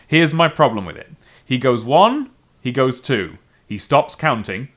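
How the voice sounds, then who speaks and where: Ein Mann mit britischem Akzent, der als Co-Host locker über einen Film plaudert. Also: male voice, medium pitch, unhurried. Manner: animated, jumps into shouted mock quotes. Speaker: podcast co-host. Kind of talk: casual film discussion.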